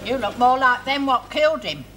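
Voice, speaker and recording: An actress playing a dry, unflappable middle-aged housewife who deadpans cutting remarks in a sitcom. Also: female voice, sits high, lively intonation, moderate pace, over a noisy crowd. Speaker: sitcom character. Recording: loud hiss of old TV tape.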